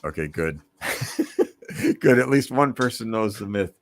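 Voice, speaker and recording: A man, a guest cartoonist, chatting casually on a live stream and pitching a comic idea with wry teasing. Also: animated, takes it slowly.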